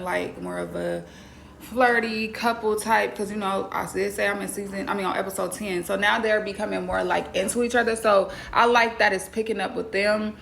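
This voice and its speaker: Blunt, gravelly-voiced woman vlogger. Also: medium pitch, a bit bright, a little hiss or hum. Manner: blunt, profane, slangy and chatty. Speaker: vlogger reviewing a TV show. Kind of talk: casual recap vlog.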